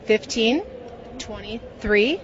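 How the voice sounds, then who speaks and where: A woman's voice: a little high, slow pace. A middle-aged woman with a Wisconsin accent, a football fan giving short, friendly answers to a roaming interviewer. The audio is dull and lo-fi. A faint hum of noise sits behind her. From Fond du Lac, Wisconsin.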